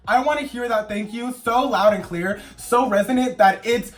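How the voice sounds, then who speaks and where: A young man telling a storytime vlog in a sassy, campy, dramatic way, shouting for emphasis. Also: very high-pitched, moderate pace, few pauses, faint music behind. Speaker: vlogger.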